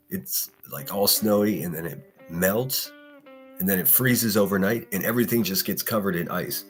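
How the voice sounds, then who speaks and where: Deep-voiced blunt, profane male streamer. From Pittsburgh area. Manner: blunt, profane, ranting, laughs often. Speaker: livestream host. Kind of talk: casual morning livestream chat.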